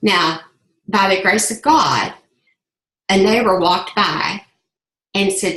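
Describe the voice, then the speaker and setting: A woman's voice: medium pitch, slow, pushed and bright. A middle-aged woman, giving an earnest, impassioned personal testimony and repeating phrases for emphasis. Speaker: sales ambassador giving a testimonial. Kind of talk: emotional personal testimony speech. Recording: echoey room.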